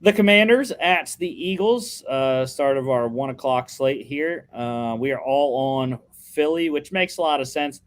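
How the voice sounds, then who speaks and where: A man's voice: medium pitch, expressive, measured pace, hardly any pauses. A young man co-hosting a casual sports podcast, chatting through his football picks with lots of fillers and restarts.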